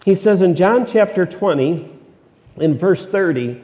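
A middle-aged male preacher with a gravelly, mellow voice, talking through his sermon in an easy, conversational way and hammering home key phrases by repeating them. The sound is dull, with a long reverb trailing off the walls of a big hall. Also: sits high, expressive, moderate pace.

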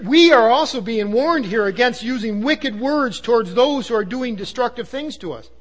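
A man preaching a sermon, earnest and emphatic, sometimes dropping to a low hush. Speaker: pastor.

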